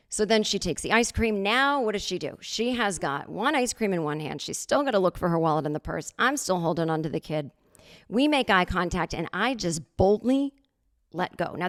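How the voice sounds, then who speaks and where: A woman hosting a podcast, telling a comic story in a sarcastic, animated way and acting out other people's lines. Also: fairly low pitch. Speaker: podcast host. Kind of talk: comedic storytelling monologue.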